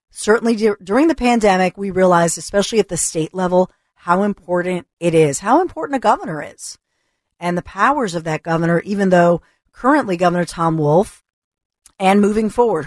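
A woman's voice: on the low side, a little mellow, no echo, clean studio sound. A woman hosting a talk radio show, talking in a chatty, reassuring way with frequent restarts. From Philadelphia area. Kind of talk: casual talk radio monologue. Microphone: studio microphone.

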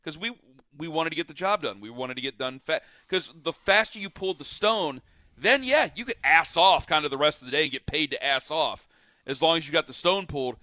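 A man's voice: a little high, lively intonation, fairly quick, pushed and bright, no room sound, studio quality. A man in casual chat, telling long rambling stories with lots of fillers and restarts.

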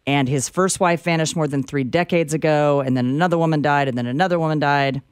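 A woman's voice: deep voice, fast, clear, resonant tone, no room sound, studio quality. A woman co-hosting a talk show, arguing her point in an emphatic, incredulous way. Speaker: co-host. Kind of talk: casual talk show banter.

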